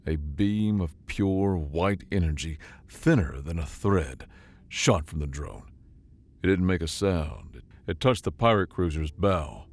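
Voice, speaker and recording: Deep-voiced man narrating sci-fi. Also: measured pace. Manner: dramatic, expressive storytelling.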